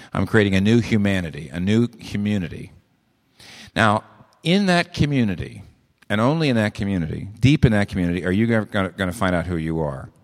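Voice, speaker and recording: Guy preaching a sermon, lowish voice that swings all over, big echoey hall. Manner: animated preaching with rhetorical questions. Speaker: pastor.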